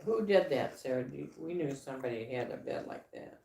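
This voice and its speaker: A woman co-hosting a casual livestream chat, rambling with halting restarts and fillers. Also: very deep voice, expressive, gravelly, mellow. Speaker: livestream co-host. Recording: echoey room.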